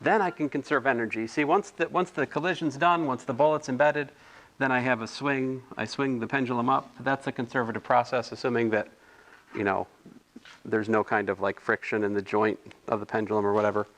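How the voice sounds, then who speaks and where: A man's voice: mid-range voice, steady tone, fairly quick, a bit bright. A man tutoring physics homework in a casual, thinking-aloud way, correcting himself and adding chatty asides.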